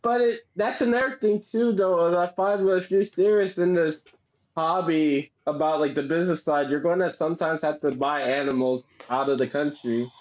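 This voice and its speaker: A man talks at a lively clip in a bright, high voice, full of slang and laughter. He is a guest on a casual podcast. The sound is a little dull and lo-fi. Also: normal speed. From Wisconsin. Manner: animated, laughing, slangy storyteller. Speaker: guest breeder. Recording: dull lo-fi audio.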